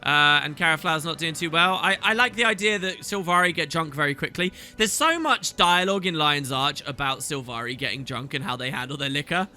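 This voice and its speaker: Over soft background music, a thirtysomething man provides game commentary for a let's play, speaking a little fast with hardly any pauses. He comes across bright, forceful, chatty and enthusiastic, his pitch swooping as he goes.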